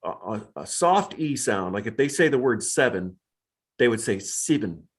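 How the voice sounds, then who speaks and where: Man, mid-pitched voice, casual livestream chat, hesitant, repeats words. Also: sing-song, fairly quick.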